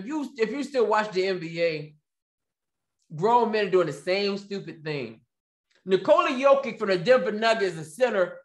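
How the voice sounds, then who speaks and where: A man hosts his own commentary show, ranting sarcastically and repeating phrases for emphasis. His voice is high-pitched and a bit bright, recorded in an echoey room.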